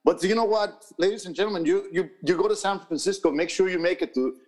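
In a podcast studio, this New York co-host talks casually and curses freely, his rambling speech full of fillers and restarts. He speaks fast in a high, slightly mellow voice.

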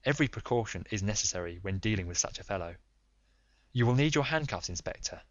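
Guy doing calm stern detective, lowish voice, very dry sound. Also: no echo, highs cut off, lightly acted. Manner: measured and authoritative. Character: calm, stern male detective, middle-aged.

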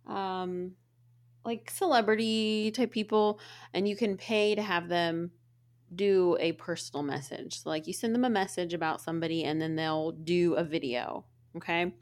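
A woman in her thirties co-hosting a casual chat show, telling stories with sudden jumps in excitement and plenty of swearing. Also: moderate pace. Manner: animated storyteller, swears freely, pitch jumps up when excited. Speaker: podcast co-host.

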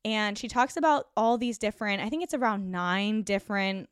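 A woman's voice: mid-range voice, moderate pace, smooth, no room sound. Woman, podcast host, enthusiastic and chatty, dry close sound. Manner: gushing, enthusiastic, lots of "like" fillers. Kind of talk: casual solo podcast chat. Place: her bedroom at home.

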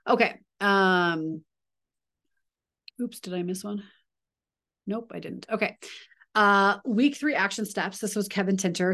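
A woman's voice: medium pitch, measured pace, long pauses, fairly bright tone. A woman in her thirties leading a team video call, chatty and upbeat with frequent asides and coaching pep.

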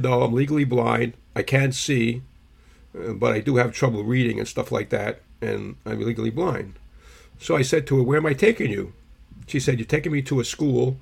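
A man, co-hosting a podcast, tells rambling stories in a husky voice and keeps clearing his irritated throat. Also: mid-range voice. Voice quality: gravelly, husky. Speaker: podcast co-host. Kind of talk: casual storytelling chat.

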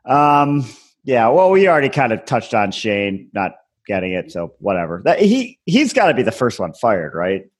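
A man's voice: mid-range voice, very animated, normal speed. A man co-hosting a podcast, chatting bluntly and swearing as he ribs his friends. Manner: blunt, profane ribbing. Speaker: podcast co-host. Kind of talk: casual chat.

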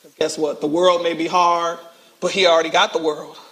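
A male pastor preaching a sermon with animated call-and-response, acting out quotes, recorded in a church. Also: fairly high pitch, a little fast. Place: church sanctuary.

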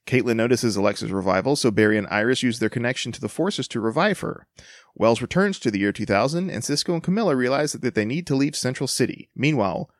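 A man's voice: mid-range voice, animated, fast, dry recording, clean studio sound. A man co-hosting a casual podcast, reading a summary with playful inflections and laughter. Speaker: podcast co-host.

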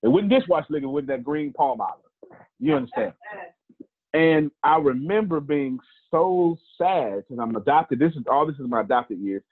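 Heard on a phone-like lo-fi line, this man speaks a little high at normal speed, with a husky, animated voice. He's a motivational speaker spinning personal stories in a casual, joking, conversational manner, adding asides like a preacher.

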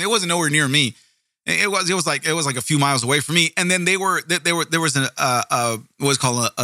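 Bright, brash man riffing between readings. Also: on the high side, no room sound, clean studio sound. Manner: profane, wry and emphatic, with frequent restarts. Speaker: video host. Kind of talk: casual commentary mixed with reading aloud.

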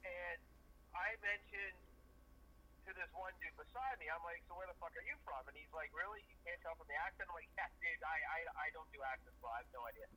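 A man's voice: fairly high pitch, fast, pushed and bright, slight background noise, low-quality recording. A man co-hosting a podcast, telling a long, profane, rambling bar story in casual chat. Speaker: podcast co-host.

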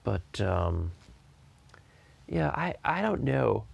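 A man in his thirties talks casually on a podcast with a heavily gravelly, fry-laden voice at a middling pitch. He rambles, swears freely and restarts his sentences often. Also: darkish tone, no echo. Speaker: podcast host.

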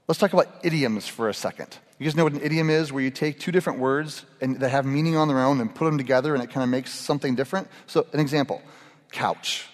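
A man's voice: mid-range voice, fast. A middle-aged man giving a casual, humorous sermon to a group. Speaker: pastor. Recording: echoey hall reverb.

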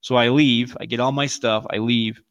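A man's voice: medium pitch, normal speed, clean tone, muffled recording. A man telling a long story in casual podcast chat, swearing freely and acting out what everyone said. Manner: profane, animated storytelling with quoted voices. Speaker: podcast co-host.

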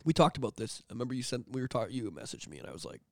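A man's voice: medium pitch, very animated, very fast, vocal fry, no echo, studio quality. A man co-hosting a podcast, joking, swearing freely and riffing in casual banter. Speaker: podcast co-host.

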